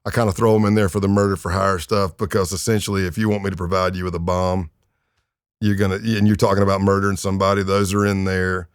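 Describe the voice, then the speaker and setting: A man's voice: deep voice, little pitch movement, fast, clear, resonant tone, dry recording, studio quality. A man in his fifties, a retired undercover agent, telling stories in a laid-back, wry way as a podcast guest. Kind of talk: anecdotal storytelling in a podcast interview.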